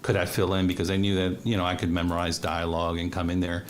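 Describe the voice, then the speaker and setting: A man, an actor and casting director, telling lively anecdotes in a casual interview with frequent laughter. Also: low voice, fast, a little hiss or hum. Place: radio studio or streamed call.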